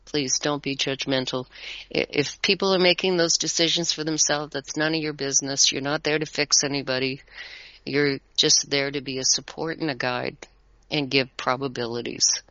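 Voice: mid-range voice, fairly even intonation, normal speed, pushed and bright, no room sound, lo-fi sound. A tarot reader talking as a guest in a casual conversation, rambling a little and chuckling often.

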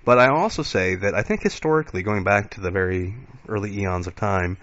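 Guy hosting a chat, lowish voice, rambly and thoughtful, muffled audio. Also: fairly quick, fairly bright tone. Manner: reflective, with many fillers like "you know". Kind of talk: casual discussion. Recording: dull lo-fi sound.

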